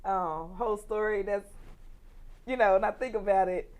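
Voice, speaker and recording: Reflective woman host, mid-pitched voice. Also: rough recording. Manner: reflective, unhurried, many fillers, religious phrasing. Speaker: talk show host. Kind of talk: casual chat.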